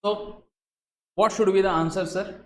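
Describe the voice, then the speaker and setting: A man's voice: sits high, fairly even intonation, a little slow, fairly bright tone. A man with an Indian English accent lecturing on law for exam students, tossing in "sir" and Hindi asides as he shifts his tone for emphasis. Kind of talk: recorded exam-prep lecture. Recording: roomy echo, faint noise.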